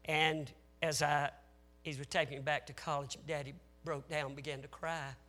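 A man preaching a sermon, telling stories with strong feeling, swinging from shouted exhortation to hushed tones, with folksy asides to the congregation. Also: on the high side, flat delivery, normal speed.

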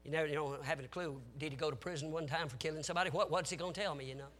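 A man preaching a sermon, telling stories with strong feeling, swinging from shouted exhortation to hushed tones, with folksy asides to the congregation. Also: a little high, fairly even intonation, very fast.

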